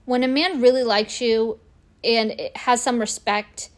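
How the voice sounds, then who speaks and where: A woman's voice: a little high, unhurried. A woman in her forties telling a personal story straight to camera in a casual, indignant way, acting out what people said. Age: 40s. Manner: animated, indignant, acts out quoted lines. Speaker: vlogger.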